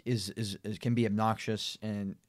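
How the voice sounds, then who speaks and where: A man co-hosting a casual Bible discussion podcast, talking in an animated way with frequent laughs and restarts. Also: on the low side, moderate pace, no echo, studio quality. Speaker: podcast co-host.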